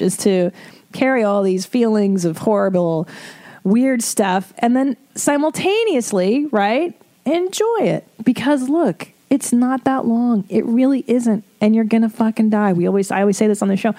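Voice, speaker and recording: Middle-aged woman doing an advice podcast, swears a lot, laughs, kinda rambly, warm relaxed tone. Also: mid-range voice, normal speed. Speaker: podcast host giving advice. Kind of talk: casual advice monologue.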